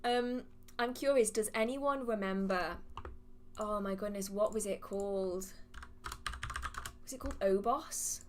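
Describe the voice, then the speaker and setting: A woman hosting a live witchcraft Q&A, chatty and animated, laughing often as she reads questions from the chat. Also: mid-range voice, measured pace, pauses often, slight background noise. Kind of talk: casual livestream Q&A, reading chat questions aloud.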